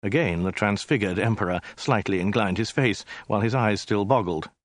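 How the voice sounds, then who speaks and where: A man narrating a comic story in a dry, deliberate comic delivery. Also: on the low side, no room sound. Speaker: audiobook narrator.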